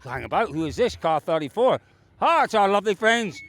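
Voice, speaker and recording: A man's voice: sits high, big pitch swings, a little fast, a bit bright. Guy interviewing folks outside in the rain, upbeat and jokey, bouncy voice. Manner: jovial, effusive and teasing. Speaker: host, interviewer. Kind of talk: roving outdoor interview. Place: outdoors at a rainy rally stage.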